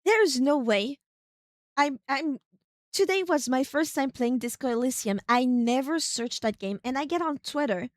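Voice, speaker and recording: A woman streaming a video game, chatting casually, thinking aloud in a rambling way with sudden excited outbursts. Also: high-pitched, measured pace, no room sound, studio quality.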